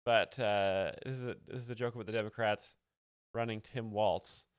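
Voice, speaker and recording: A man hosting a livestream, explaining jokes in a mock-earnest, deadpan way with lots of fillers. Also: on the low side, moderate pace, clean tone, dry recording, clean studio sound. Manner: mock-earnest, reading chat, many fillers. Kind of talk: deadpan satirical commentary.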